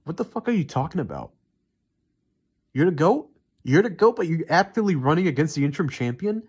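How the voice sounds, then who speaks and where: A man's voice: fairly high pitch, sing-song, brisk, breathy edge. A young man ranting heatedly and profanely in unscripted commentary, rambling with many fillers. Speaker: MMA commentary YouTuber.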